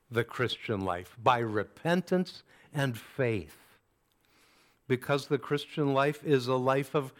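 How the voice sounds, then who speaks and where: A man preaching a sermon in a slow, measured way, with deliberate pauses between phrases. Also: on the high side.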